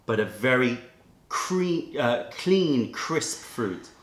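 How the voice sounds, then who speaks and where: A man's voice: medium pitch, big pitch swings. Male host, casual tasting chat, musing delivery, roomy echoey sound. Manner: musing, lists flavour notes slowly. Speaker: tea shop host. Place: indoor room with cups and kettles. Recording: echoey room, faint noise.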